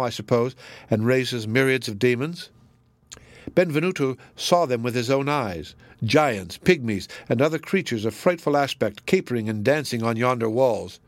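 A man reading a storybook who voices a thoughtful sculptor in a measured, musing way. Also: medium pitch, no room sound, lightly acted.

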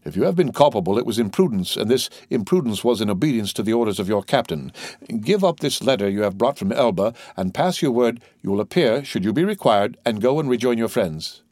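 A man voicing a stern male magistrate, speaking in a measured, stiff and formal way. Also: fairly low pitch, animated, darkish tone, no room sound, clean studio sound. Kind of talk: audiobook character voice.

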